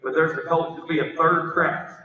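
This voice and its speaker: Fast-chanting auctioneer man in an echoing arena. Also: on the high side, little pitch movement, pushed and bright, muffled recording. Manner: rapid rhythmic bid calling with bantering asides. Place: horse sale arena. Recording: roomy echoing arena heard from far off.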